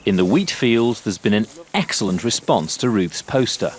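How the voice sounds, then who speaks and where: Male documentary narrator, low and lively, measured and a little wry, music underneath. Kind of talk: scripted narration.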